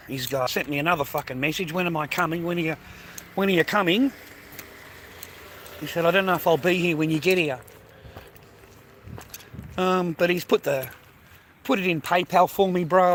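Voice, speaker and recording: Australian man, street streamer, crude and rambling, ends lines on mate and bro; slightly high, sharp bright voice, handheld phone outdoors. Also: slight background noise. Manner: swears constantly, tags lines with mate and bro. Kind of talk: casual rambling walk-and-talk stream. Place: outdoors on a suburban street near the beach.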